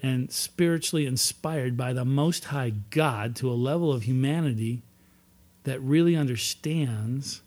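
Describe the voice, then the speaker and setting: A man's voice: medium pitch, a little slow, a little mellow. A man speaking at a recovery meeting, telling his own story with earnest, emphatic repetition. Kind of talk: personal testimony talk.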